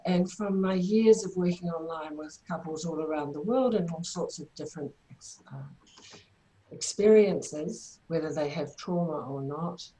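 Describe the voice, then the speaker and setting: Calm New Zealand woman, low voice. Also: low-quality recording. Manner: calm, guiding, soothing. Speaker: therapy trainer. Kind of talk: online workshop presentation. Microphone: video call.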